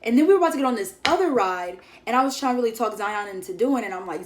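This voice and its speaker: Young woman, vlogger, casual storytelling, chatty, lots of fillers, acts out quotes, mid-pitched voice. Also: expressive, racing, few pauses.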